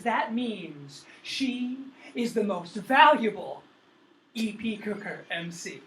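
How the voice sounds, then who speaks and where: A man introduces a cabaret host with slow, drawn-out announcing that builds up hype. He sounds far from the mic in an echoey room, with faint ambience behind him. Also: high voice, lively intonation, fairly bright tone, slight background noise. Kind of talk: stage introduction.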